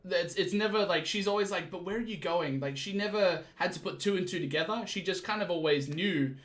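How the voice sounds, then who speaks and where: A young man hosting a casual chat, recapping a show with stumbles and quick acted-out quotes. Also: high voice, fairly bright tone. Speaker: podcast host.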